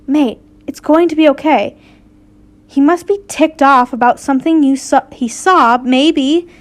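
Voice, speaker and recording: A woman voicing a reassuring teenage boy friend in a read-aloud story, speaking haltingly. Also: sits high. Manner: halting, stumbling.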